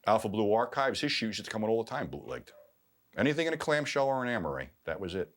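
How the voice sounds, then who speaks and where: A man's voice: on the low side, sing-song, quick pace. A man chatting offhand in an interview, dropping a dry joke now and then. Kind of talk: casual interview chat.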